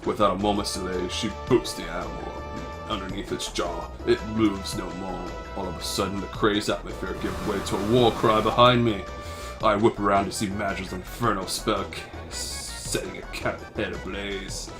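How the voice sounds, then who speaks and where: A man reading a game's story text aloud in a halting, stumbling way, with self-mocking asides, recorded on a home mic. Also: sits low, steady tone. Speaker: amateur voice actor reading a game. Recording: faint music behind.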